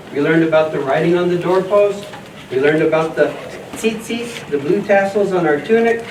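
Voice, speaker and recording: A man's voice: a little high, close to an everyday voice. A man playing a friendly scribe teacher and farmer in a church children's skit, leading the kids in call-and-response. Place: church hall. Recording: echoey, distant mic, noisy room.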